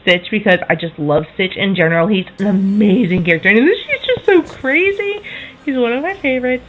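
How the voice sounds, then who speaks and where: A woman in her twenties chatting casually to camera as a vlogger, enthusiastic, with quick self-correcting asides. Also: mid-range voice, lively intonation, narrow, tinny audio, music in the background.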